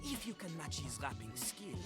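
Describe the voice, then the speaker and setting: A man's voice: fairly high pitch, very animated, moderate pace, a bit bright. An actor voicing a cocky male toilet rapper, who boasts and talks about himself in the third person. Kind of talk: video game voice acting, rapping over a beat. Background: game music.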